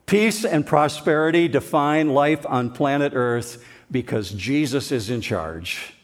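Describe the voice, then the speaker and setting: A man's voice: medium pitch, expressive, unhurried. A male pastor delivering a sermon, conversational yet strongly emphatic, leaning hard on key words.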